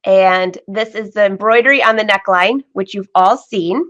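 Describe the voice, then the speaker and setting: A woman hosting a live sewing vlog from her home studio, chatty and excitable, laughing often. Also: medium pitch, moderate pace, muffled recording. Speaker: vlog host. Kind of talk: live-streamed casual chat.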